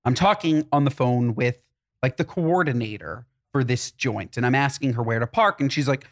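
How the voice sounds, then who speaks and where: A co-host telling stories in a casual chat, lively and worked up at times. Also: normal speed. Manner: lively storyteller, swings up in pitch when worked up. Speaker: podcast co-host.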